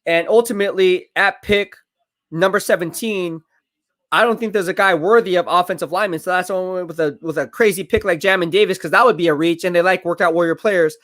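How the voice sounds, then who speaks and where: High-voiced man laughing through live commentary. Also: dry recording, clean studio sound. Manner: laughing, boastful, quick bursts of excitement. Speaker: live stream host. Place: home live stream.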